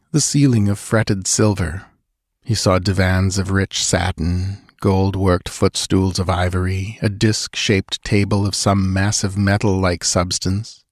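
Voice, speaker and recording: Male audiobook narrator, low register, dry close sound, measured and dramatic. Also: a little mellow, dry recording. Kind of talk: scripted narration.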